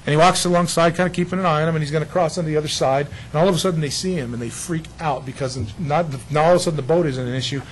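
Animated preacher man, hushed to loud. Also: fairly high pitch, racing, few pauses, slight background noise, rough recording. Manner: lively storytelling preacher acting out voices, swings between hushed and loud. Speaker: pastor. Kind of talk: sermon.

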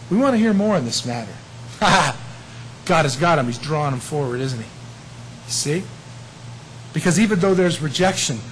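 Animated high-voiced male preacher. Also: a little hiss or hum, rough recording. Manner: animated, swings between hushed asides and loud emphatic peaks; chuckles often, conversational and playful. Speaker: pastor. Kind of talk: sermon.

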